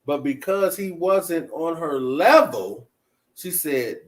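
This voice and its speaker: Dude hosting a talk show, talks kinda slow, keeps asking the chat stuff, pretty high voice. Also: male voice, expressive, poor audio. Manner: chatty, asks listeners questions. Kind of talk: casual commentary.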